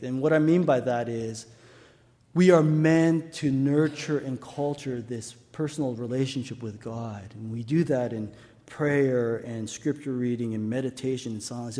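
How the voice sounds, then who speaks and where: A man's voice: mid-range voice, dark tone, in a large hall. A male pastor preaching a sermon, telling stories and asking the congregation rhetorical questions.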